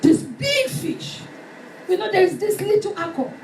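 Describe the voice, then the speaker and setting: A woman preacher delivering a fervent sermon, shouting and acting out stories. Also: extremely high pitch, animated, unhurried, slight background noise. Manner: fervent, shouting, dramatic retelling. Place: church hall. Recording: echoey hall from far off with music.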